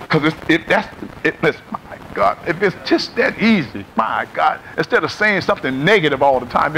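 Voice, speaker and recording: A man's voice: a little high, gravelly, bright, forceful tone, slight background noise. A middle-aged man preaching a sermon in a church, calling on the congregation to answer back and repeat after him. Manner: call-and-response preaching, asks congregation to repeat. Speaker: pastor. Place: church sanctuary.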